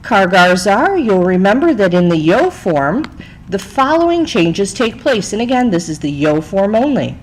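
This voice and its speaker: Lively woman teacher explaining slides. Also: mid-range voice, normal speed, a little hiss or hum, low-quality recording. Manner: lively, chatty, explains step by step with frequent "okay?". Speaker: Spanish teacher. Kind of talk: recorded slide lesson narration.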